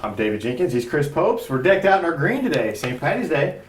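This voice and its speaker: A man's voice: a little high, very animated, a little fast. A man with an American Midwestern accent hosting a local sports talk show, chatty and easy to laugh, working through his points with restarts. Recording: echoey room with faint ambience.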